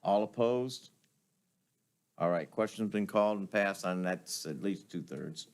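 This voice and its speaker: A man chairing a public board meeting, calling votes and running the agenda in a measured, procedural way into a table microphone. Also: sits low.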